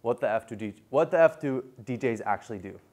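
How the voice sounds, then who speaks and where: A man lecturing a class in a casual, animated way, full of fillers and quick restarts. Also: medium pitch.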